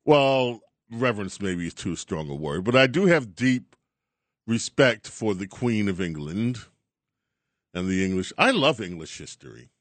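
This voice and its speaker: A man hosting a talk radio show, chatting in an animated, chuckling monologue. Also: fairly low pitch, unhurried, no echo. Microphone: studio mic.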